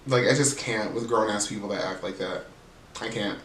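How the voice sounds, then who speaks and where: A man's voice: lowish voice, normal speed, fairly bright tone, recorded from a distance. A man hosting a casual, sassy reality TV recap, swearing freely and mimicking cast members. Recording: roomy, off-mic sound with faint background hiss.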